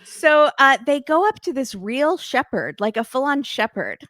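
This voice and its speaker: A woman's voice: high-pitched, big pitch swings, normal speed, a bit bright, no echo, clean studio sound. A woman hosting a podcast, chatting casually and sarcastically as she recaps a reality show, laughing often. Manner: sarcastic, laughing, quotes people in put-on voices. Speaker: podcast host.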